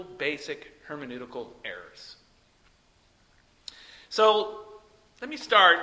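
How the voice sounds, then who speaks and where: Preacher guy, emphatic sermon, voice jumps all over, quoting stuff mockingly, big echoey church. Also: high-pitched. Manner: emphatic, swinging from loud peaks to soft trailing ends. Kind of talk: expository sermon. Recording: long hall reverb.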